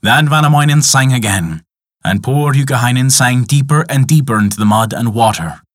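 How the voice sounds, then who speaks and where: A man narrating a folk tale in an expressive, dramatic storytelling style. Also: medium pitch, normal speed, no room sound, studio quality.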